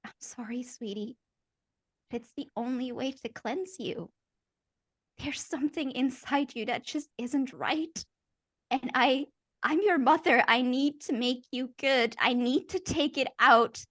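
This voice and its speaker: An eerie mother , as a woman puts her on in a tabletop game, talks in a hushed, falsely tender voice. Her voice sits a little high and is slow and soft. The recording is dry and close. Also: no room sound.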